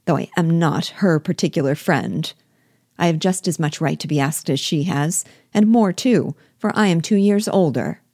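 A woman's voice: deep voice, moderate pace, a little mellow, no echo, studio quality. A woman reading the lines of a peevish, complaining teenage girl in an audiobook. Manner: complaining, sulky.

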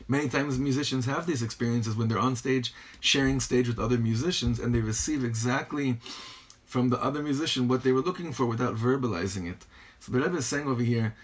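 A man with a husky, slightly breathy voice teaches from a Hasidic text. He reads the original lines slowly and deliberately, then puts them into plain words and keeps pausing to marvel at what he has read. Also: lowish voice. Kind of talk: text study class.

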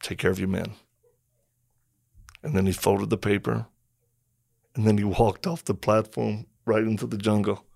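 A man's voice: fairly low pitch, moderate pace, creaky, pauses often, no echo, studio quality. A middle-aged man and former Marine telling stories in casual conversation, acting out quotes and sound effects as he goes. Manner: animated storyteller, acts out quotes and sound effects.

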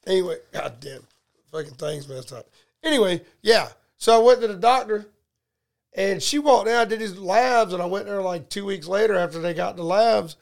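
A man's voice: high voice, moderate pace, gravelly. A middle-aged man, casually telling profane, joking stories on a podcast and acting out both sides of conversations. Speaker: podcast co-host. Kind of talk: casual storytelling chat.

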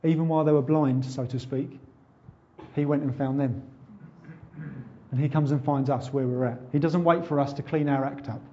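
A man preaching a sermon, asking rhetorical questions and building up to loud, fervent appeals. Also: medium pitch, steady tone, normal speed, lo-fi sound, a little hiss or hum.

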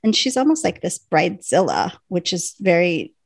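A woman in her thirties, co-hosting a podcast, casually recapping a TV episode with an animated, laughing delivery. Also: fairly low pitch, moderate pace, creaky, no echo. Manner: animated retelling with laughs, acting out characters' lines. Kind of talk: casual chat.

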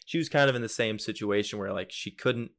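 A young man co-hosting a podcast, telling a story in a casual, animated way. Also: lowish voice, brisk, creaky. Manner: animated storyteller, loud shouted impressions. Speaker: podcast co-host.

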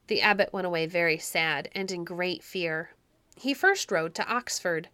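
A woman narrating a classic storybook in a clear, measured storytelling manner. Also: lowish voice, pushed and bright, dry recording. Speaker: audiobook narrator.

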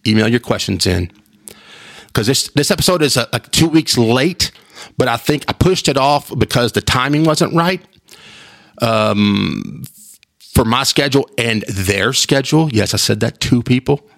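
A man talks loosely into his podcast mic, circling back and restarting his sentences as he goes. His mid-range voice carries a steady gravelly fry underneath. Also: mid-range voice, a little slow. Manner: rambling, animated, with repeated restarts. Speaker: podcast host. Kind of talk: casual solo podcast chat.

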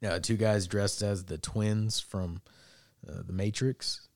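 A man's voice: fairly low pitch, steady tone, slow, a little mellow, no room sound, clean studio sound. A man hosting a podcast, telling a story in casual chat, rambling with lots of restarts and fillers. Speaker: podcast host.

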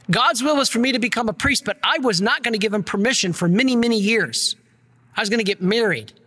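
A man, a priest, giving an earnest and energetic sermon with slides. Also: very high voice, in a large hall. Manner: earnest, energetic preaching, gets worked up.

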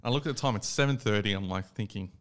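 A young Australian man with a lowish, smooth, clear voice tells a story on a casual podcast. He talks in an animated way and acts out each quoted line. He swears easily. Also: very fast. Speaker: podcast co-host. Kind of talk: casual chat.

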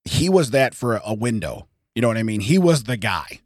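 A hoarse man co-hosting a podcast, telling a story in casual chat, laughing often and acting out the people he quotes. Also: on the low side, sing-song, fairly quick, no room sound, studio quality. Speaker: podcast co-host. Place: podcast studio.

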